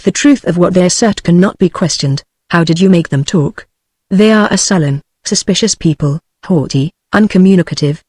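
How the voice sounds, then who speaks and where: A text-to-speech woman's voice with a British English accent, reading a novel aloud in an even, steady way. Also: fairly low pitch, no echo. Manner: even, steady synthetic reading with no change between characters. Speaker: narrator. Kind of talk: text-to-speech audiobook narration.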